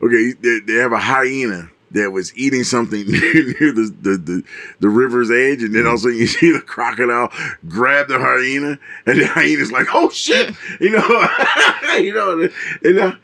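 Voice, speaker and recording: A man co-hosting a podcast, telling stories in an animated way, laughing and acting out voices. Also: mid-range voice, fairly quick, no room sound. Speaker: podcast co-host. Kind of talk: casual chat.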